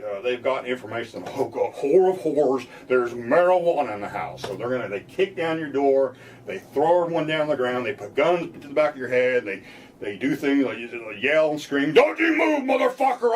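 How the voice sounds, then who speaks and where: A plainspoken man lays out legal advice in a mid-pitched voice. He picks up from a little away from the mic, with a faint hum of room ambience behind him. Now and then he barks out police lines in a mocking tone. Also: far from the mic. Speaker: defense lawyer. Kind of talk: explainer talk to camera.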